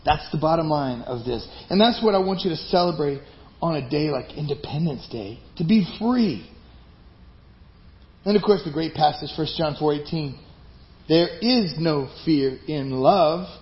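A man's voice: a little high, expressive, normal speed. A man preaching a sermon as pastor, emphatic and conversational. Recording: dull lo-fi recording.

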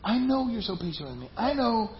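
A man preaching a sermon to his congregation, talking conversationally, with some passages loud and emphatic and others dropped to a hushed aside. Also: high voice, big pitch swings, fairly quick, a little hiss or hum. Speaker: pastor. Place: church sanctuary. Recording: roomy, slightly dull live church recording with faint ambience.

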